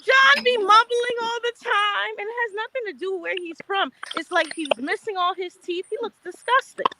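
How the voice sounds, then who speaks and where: Very high woman with cutting remarks. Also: moderate pace. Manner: cutting, mocking comments. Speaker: panelist. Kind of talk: casual group chat on a call. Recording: crackly call audio with noise.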